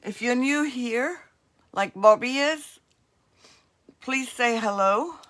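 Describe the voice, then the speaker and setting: A woman's voice: a little high, slow, a bit bright. A woman with a New Jersey accent, hosting a crafts livestream and chatting casually with viewers in the comments. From northeastern US. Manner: chatty, friendly asides to commenters.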